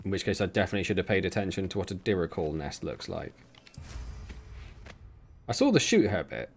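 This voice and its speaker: A man's voice: deep voice, animated, brisk, vocal fry. A man with a West Country accent, chatting and joking casually while streaming a game. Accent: West Country English. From West Country, England. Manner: chatty, joking, laughs often. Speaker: gaming streamer.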